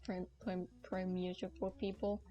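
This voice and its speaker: A woman's voice: fairly low pitch, little pitch movement, measured pace, soft background music. A young woman streaming a game, chatting in a playful, rambling, joking way to her viewers. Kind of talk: casual gaming stream chat. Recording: dull lo-fi stream audio.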